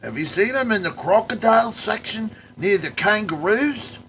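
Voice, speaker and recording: A man's voice: expressive, moderate pace, slight background noise. A man voicing an exaggerated Australian caricature of a man hunting for his cousin, with a put-on Australian accent. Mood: mocking. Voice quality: loud and high, drawling. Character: bumbling male Australian caricature searching for a relative.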